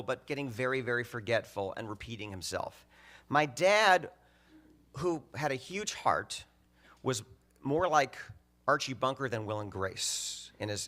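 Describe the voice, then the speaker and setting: A middle-aged man giving a humorous eulogy, telling family stories in an animated way and acting out the dialogue. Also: medium pitch. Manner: animated, acts out dialogue, laughs through lines. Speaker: eulogy speaker.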